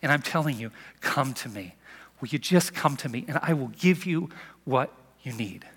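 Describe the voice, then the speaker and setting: A man's voice: medium pitch, animated, normal speed, fairly bright tone, slightly rough. A man voicing Jesus as an earnest, urgent adult man pleading with a crowd, in plain conversational speech. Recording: long reverb of a large hall.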